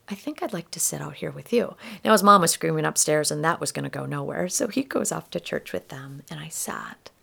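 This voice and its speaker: A woman tells reflective personal stories in a low, heavily fried voice. She speaks softly and often sinks into a near whisper. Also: vocal fry. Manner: soft-spoken, drops into whispers. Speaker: spiritual storyteller.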